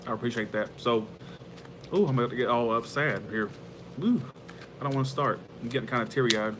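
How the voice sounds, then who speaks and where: A man's voice: medium pitch, a little fast, background noise. Chatty man hosting a livestream. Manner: rambling, heartfelt, laughs easily. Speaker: tarot channel host. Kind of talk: casual livestream chat with viewers.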